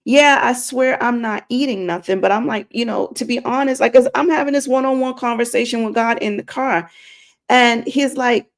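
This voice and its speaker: A woman talks straight to her viewers in a faith-based live stream, earnest and a little preachy. She keeps circling back to her point and repeats it for weight. Her voice sits fairly high with a gravelly, creaky edge. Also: moderate pace. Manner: addresses viewers directly. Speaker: inspirational streamer.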